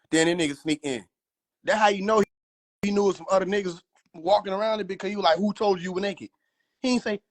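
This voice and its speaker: A man riffing in a casual livestream, profane, slangy and laughing often. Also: high voice. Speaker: livestream host.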